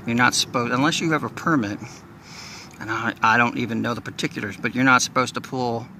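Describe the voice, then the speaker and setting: A folksy Southern man from Texas, rambling along to his viewers while filming outside. His voice is bright and forward. Faint outdoor ambience runs behind him. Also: medium pitch, fairly even intonation, fairly quick, slight background noise. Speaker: nature vlogger. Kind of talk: casual outdoor vlog narration. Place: outdoors in marsh near a bridge.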